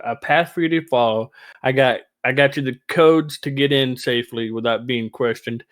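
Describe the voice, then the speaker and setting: A man hosting a casual fan podcast, talking in an excitable, rambling way and laughing easily. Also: mid-range voice. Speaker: podcast host.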